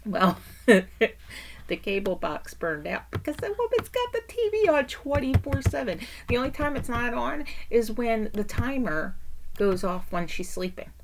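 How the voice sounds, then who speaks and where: A middle-aged woman chats through stories about caring for family in a relaxed vlog. She takes her time, and her pitch swings widely as she plays up the drama with laughing, exaggerated asides. A faint hiss sits under her voice. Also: unhurried. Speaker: caretaker and parent vlogger. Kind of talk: casual storytelling vlog.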